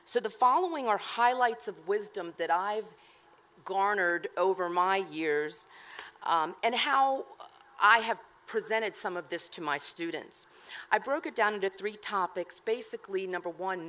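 A woman's voice: medium pitch, fairly bright tone. A middle-aged woman professor and attorney giving a chatty, self-deprecating keynote speech at a ceremony, with fillers.

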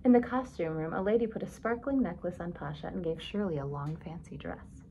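A woman reading a children's picture book aloud, expressive and stopping to ask her young listeners questions. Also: fairly low pitch, brisk, slight background noise, low-quality recording. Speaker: storybook reader.

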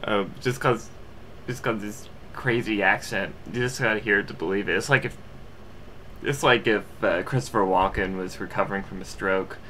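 Young male amateur reviewer, bright tone, loose unscripted rambling. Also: on the low side, normal speed, a little hiss or hum. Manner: rambling, full of fillers and restarts. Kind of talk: casual movie review.

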